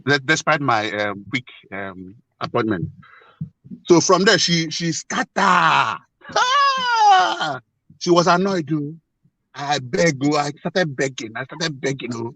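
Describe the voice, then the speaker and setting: A man earnestly telling a personal story as a guest, halting and repeating himself often. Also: on the high side, pushed and bright, no room sound, poor audio. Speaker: guest sharing a marriage problem.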